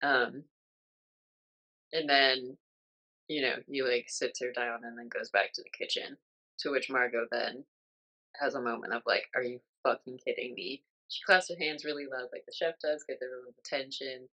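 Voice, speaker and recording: A man's voice: moderate pace, poor audio. Rambling man recapping a film. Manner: rambling, lots of "like" and "um" fillers; animated, raises pitch when quoting characters. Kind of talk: casual chat recapping a film.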